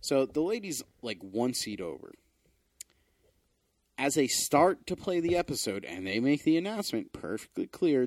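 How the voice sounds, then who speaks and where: Casual podcast co-host, male, lively animated delivery, dry close sound. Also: normal speed, no echo. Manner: animated storyteller, swearing, jumping into high squeaky exclamations. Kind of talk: casual chat.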